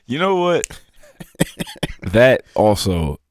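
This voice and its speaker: A man's voice: medium pitch, sing-song, extremely slow, dry recording. A man co-hosting a casual podcast, talking in loose slang and laughing often. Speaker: podcast co-host.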